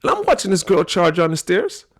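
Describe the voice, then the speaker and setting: A middle-aged man hosting a talk on personality types, telling a story in an animated way. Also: high-pitched, fairly quick. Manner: animated storyteller, acts out quoted voices. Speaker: podcast host teaching personality types.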